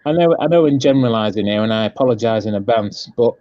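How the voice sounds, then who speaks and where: A man's voice: lowish voice, expressive, fast talker, dry recording. A man in a casual live stream chat, speaking hesitantly with many ums and careful phrasing. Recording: dull, dry lo-fi audio.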